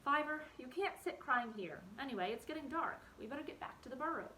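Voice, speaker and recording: A woman voicing a young male rabbit in a storybook, steady and caring, reassuring and firm. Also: high-pitched, brisk, slight background noise, voice pushed up, low-quality recording.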